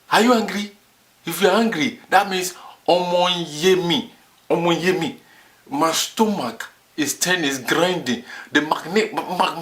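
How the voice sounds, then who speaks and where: A man hosts a comic language lesson, bragging about himself and then drilling every word by repeating it. His voice sits a little high and sounds bright and forceful. He talks slowly and gives each word its own weight. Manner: boastful, repeats words in drills. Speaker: vlogger teaching words.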